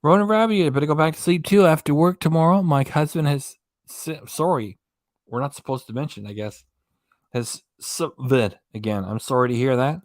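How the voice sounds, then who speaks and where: Male livestream host, mid-pitched, dry close mic, folksy and jokey with his chat. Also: moderate pace, a little mellow, dry recording. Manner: reads viewer comments aloud and answers them, folksy and joking. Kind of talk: casual late-night livestream chat. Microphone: desk microphone.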